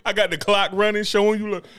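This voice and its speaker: A man co-hosting a podcast in casual comedic chat, animated and laughing often. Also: high voice. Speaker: podcast co-host.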